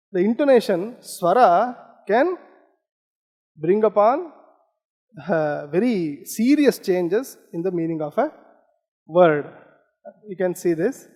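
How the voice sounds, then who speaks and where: Male lecturer from India, high-pitched, patient explaining with fillers, hall reverb. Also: darkish tone. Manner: explanatory, with frequent "okay" and "uh" fillers. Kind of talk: academic lecture.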